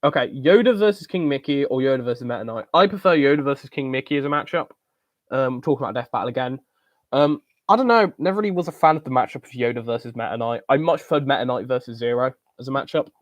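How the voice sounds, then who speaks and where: A man's voice: medium pitch, expressive, fast talker, dry recording. A young man from the UK hosting a casual live-stream Q&A, rambling with lots of ums and joking bluntly. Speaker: channel host answering viewer questions.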